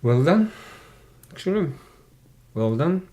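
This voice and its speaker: Male tutor, unhurried, patient, repeats words for drills, one-on-one lesson. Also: on the high side, sing-song, dark tone. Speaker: English tutor.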